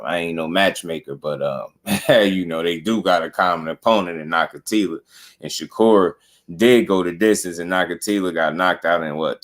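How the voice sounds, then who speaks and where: Casual host, low male voice, slangy rambling reaction talk. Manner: slangy, rambling, repeats "you know what I'm saying". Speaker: boxing commentary channel host.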